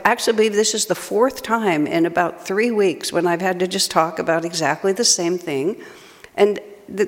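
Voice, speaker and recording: An older woman, a spiritual teacher, telling a chatty, self-mocking personal story and laughing often. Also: medium pitch. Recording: long hall reverb.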